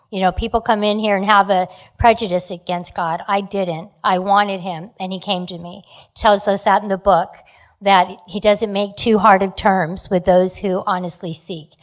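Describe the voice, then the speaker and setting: A woman in her fifties or sixties speaks candidly at a recovery meeting about her own past. Her sentences stop and restart, padded with ums and uhs, in a plain, unpolished way of talking. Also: medium pitch. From New Jersey. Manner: candid, frequent fillers and restarts. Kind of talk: sharing a personal recovery story.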